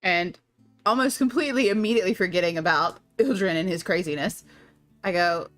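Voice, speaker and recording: Brief: lively woman player, slightly low, rambling storyteller. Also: brisk, no echo, faint music behind. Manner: animated, run-on storytelling. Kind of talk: role-play narration.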